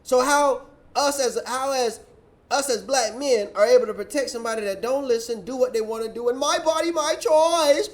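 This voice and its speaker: A man with a high voice gives reaction commentary in a sarcastic, preaching way. He mocks others with quick put-on quotes. He keeps returning to sermon-like points. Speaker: commentary show host.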